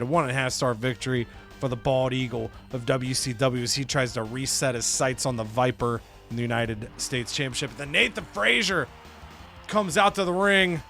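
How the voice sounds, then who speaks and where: A man casually narrating a wrestling management game playthrough, slipping into exaggerated voices for the wrestlers. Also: medium pitch. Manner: animated, acts out wrestlers' lines in exaggerated voices.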